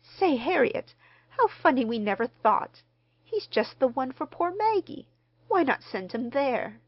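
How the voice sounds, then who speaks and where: A woman's voice: a little high, sing-song, slow, breathy edge, no room sound, muffled recording, pitched above the performer's own voice, full character voice. A woman reading the part of a shy, flustered spinster dressmaker who stammers. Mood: eager. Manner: stammering, eager, homely speech.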